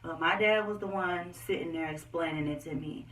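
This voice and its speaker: A young woman telling personal stories straight to her viewers in an animated, candid vlog. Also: on the low side, normal speed, recorded from a distance. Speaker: vlogger. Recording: echoey room, voice set back from the mic.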